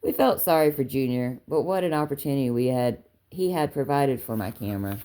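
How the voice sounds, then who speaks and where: Woman, Southern accent, low voice, audiobook reading, lifts voice for dialogue. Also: expressive, mellow. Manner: unhurried storytelling, lifts her voice for dialogue. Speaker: audiobook reader. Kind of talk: reading a book aloud.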